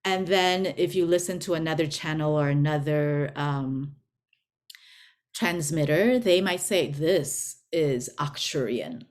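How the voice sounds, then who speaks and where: Brief: female spiritual teacher, unhurried, repeats words for emphasis, informal lesson. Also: low voice.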